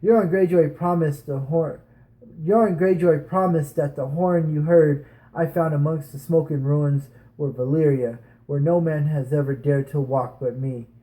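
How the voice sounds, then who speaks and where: A boastful pirate king with a slightly high voice makes grand, sweeping proclamations to his captains, as a man reads him aloud. The lines come as an amateur audiobook reading. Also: fairly even intonation, moderate pace, mellow, natural voice, rough recording.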